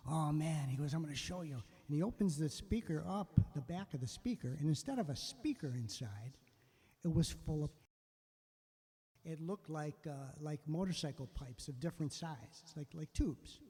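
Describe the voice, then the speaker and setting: Older guy rambling through a story, husky, kinda high, echoey. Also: normal speed. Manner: rambling, self-interrupting, quotes others in lively voices. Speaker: musician host. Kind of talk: casual storytelling.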